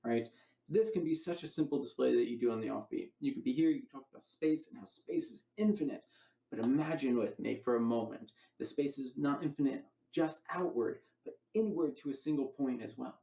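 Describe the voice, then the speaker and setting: A man's voice: mid-range voice, creaky, a little mellow, reverberant, far from the mic. A man giving a casual magic lecture, rambling and correcting himself as he demonstrates moves.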